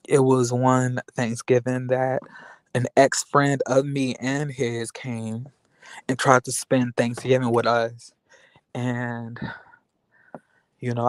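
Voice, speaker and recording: A man's voice: mid-range voice, little pitch movement, slow, long pauses, smooth, dry recording. A young man vlogging, telling a personal story in a rambling, candid way with many fillers. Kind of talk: casual venting monologue.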